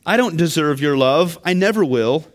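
A man's voice: on the high side, expressive, normal speed. A man preaching a sermon, earnest and building to emphatic questions. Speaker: pastor.

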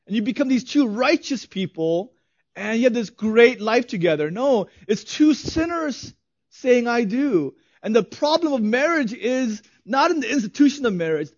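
A man's voice: very high voice, dry recording, dull audio. A man in his thirties preaching a sermon as a pastor, conversational, often asking "right?" and laughing lightly.

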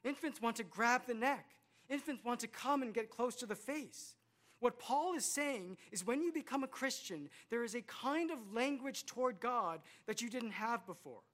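A man's voice: very high-pitched, expressive, moderate pace, fairly bright tone. Casting note: man in his thirties, earnest preacher, repeats lines and asks rhetorical questions. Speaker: pastor. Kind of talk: sermon.

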